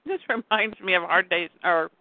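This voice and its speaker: A woman with a lowish voice speaks at normal speed, co-hosting a casual podcast where she recaps a comic book and reads its dialogue aloud in light character voices. The line sounds tinny and phone-like, dry with no echo.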